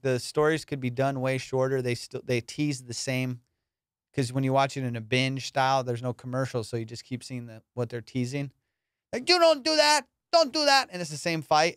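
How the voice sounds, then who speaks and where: A man's voice: mid-range voice, clean tone, dry recording, clean studio sound. A man hosting a comedy podcast in crude, slangy casual chat, often slipping into put-on voices. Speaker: podcast host.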